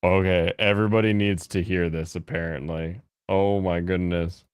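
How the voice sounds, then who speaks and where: American male streamer, casual and joking, smooth tone, dry sound. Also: steady tone, moderate pace, no echo. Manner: joking, jumps into high mocking voices. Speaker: streamer reacting to chat. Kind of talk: casual live-stream chat.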